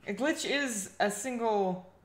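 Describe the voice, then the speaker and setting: A woman's voice: on the high side, slow, roomy sound. A woman artist chatting casually while drawing on a livestream, easygoing and a little hesitant. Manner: easygoing, hesitant, self-deprecating. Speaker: artist streaming her drawing.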